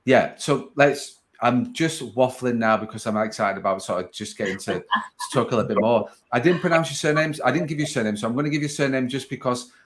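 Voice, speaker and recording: A man with a Sheffield accent hosting a relaxed podcast interview, rambling and restarting his sentences as he chats. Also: mid-range voice, fairly quick. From Sheffield, England. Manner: rambling, self-interrupting, chatty. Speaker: podcast host.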